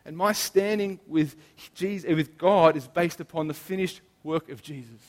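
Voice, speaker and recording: A man delivers a sermon with earnest emphasis, drawing out key phrases slowly. His voice sits a little high for a man. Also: in a large hall. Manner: earnest, emphatic preaching with slow stressed phrases. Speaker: preacher.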